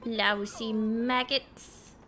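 A woman's voice: fairly high pitch, little pitch movement, drawn-out words, pushed and bright. A woman streamer giving playful, casual commentary while playing a game, swearing and chatting with viewers.

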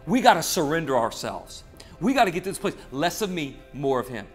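A man's voice: on the high side, big pitch swings, brisk, soft background music. A man speaking as a pastor in a short online devotional sermon, earnest and conversational, retelling scripture with animation.

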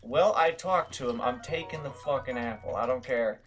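A young man talks through a game in a casual, self-mocking way, swearing freely as he goes. His voice sits at an ordinary middle pitch for a man. Faint music plays behind him. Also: moderate pace. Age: young adult. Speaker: gaming video host. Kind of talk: gameplay commentary.

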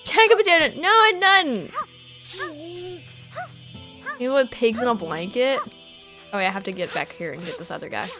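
Music plays in the background as a fast-talking woman with a medium-pitched voice streams a game. She keeps things casual with her viewers, laughing frequently, giggly and animated as she reads chat and answers it.

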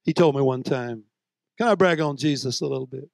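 A man preaching a sermon, moving between soft, low storytelling and loud, shouted exhortation. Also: fairly quick, gravelly, no room sound, studio quality.

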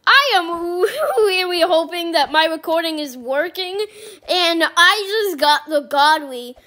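A woman giving casual gameplay commentary as a YouTuber, talking through her choices and turning excitable when she gets lucky. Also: very high voice, takes it slowly. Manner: excitable, squealing with joy. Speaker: gaming YouTuber.

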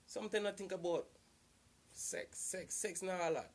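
Earnest man, slightly high voice. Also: fairly even intonation, normal speed. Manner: repetitive, loose and earnest, circling back to the same points. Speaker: vlogger giving relationship advice. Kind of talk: casual advice monologue.

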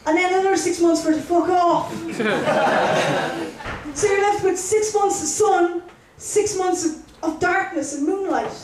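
A young Irish woman with a high voice runs through a chatty, self-mocking stand-up set and banters with the audience. She is picked up from a distance in a roomy club, so her voice carries a live echo. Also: lively intonation, measured pace, a little hiss or hum. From Ireland. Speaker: stand-up comedian. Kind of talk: stand-up routine. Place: comedy club stage.

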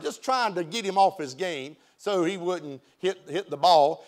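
A man's voice: high-pitched, normal speed, hardly any pauses. A man, a pastor preaching an emphatic sermon in a church and often repeating his words. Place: church sanctuary.

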